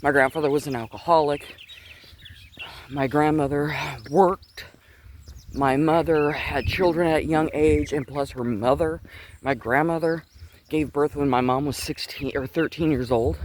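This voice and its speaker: A fairly high-pitched man speaks in a steady tone at a slightly slow pace, with a little hiss or hum. He is a middle-aged faith vlogger walking outside on a chilly day, a bit out of breath, rambling earnestly through a personal faith story with many restarts, recorded on a Bluetooth earpiece.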